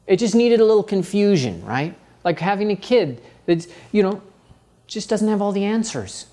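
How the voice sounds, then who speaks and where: A middle-aged man who teaches art, telling a personal story and acting out his own inner voice. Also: on the high side. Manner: animated, acts out his inner voice.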